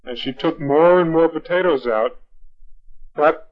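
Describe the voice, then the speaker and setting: A man telling a bedtime story to his young child, patient and gently firm, on a dull lo-fi home recording. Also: fairly high pitch, unhurried.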